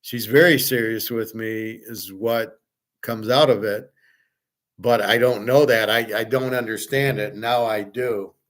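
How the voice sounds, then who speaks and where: With a fairly low, steady, slightly bright voice and a somewhat slow pace, a middle-aged man hosts a casual chat for viewers. His talk is rambling and blunt, marked by repetition, stumbles, and occasional swearing.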